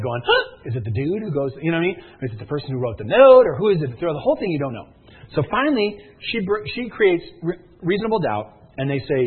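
A man telling a movie plot as a comedy bit, an excitable storyteller who gets louder and shouts as it builds. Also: on the high side, slightly rough. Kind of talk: comic retelling of a movie plot. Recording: thin phone-like sound.

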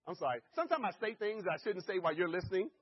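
Upbeat husky man pitching to a crowd. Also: rapid-fire, lo-fi sound. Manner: energetic, keeps checking in with the audience. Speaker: sales presenter. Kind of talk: live sales presentation. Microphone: handheld or stand mic.

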